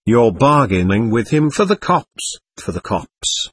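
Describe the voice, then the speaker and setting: A man voicing a desperate young army lieutenant who pleads breathlessly, in a husky voice. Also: medium pitch, very animated, unhurried. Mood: pleading.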